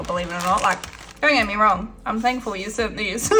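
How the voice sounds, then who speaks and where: A woman's voice: medium pitch, normal speed, background noise. An Australian woman vlogging casually to camera, chatty and effusive, giggling and talking while she eats snacks. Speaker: budgeting vlogger.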